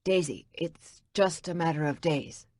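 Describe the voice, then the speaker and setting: A man's voice: a little high, unhurried, no echo, clean studio sound, lightly acted. Woman reading a harried male executive. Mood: apologetic.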